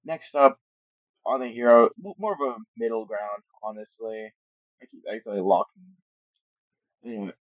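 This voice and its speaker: A man's voice: medium pitch, moderate pace, long pauses, no echo. Tired dude rambling bout his channel late at night, stumbles a lot, jokey tangents, tinny dry mic. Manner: rambling, joking asides, admits stuttering. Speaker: channel host. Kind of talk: casual commentary on a fan game roster.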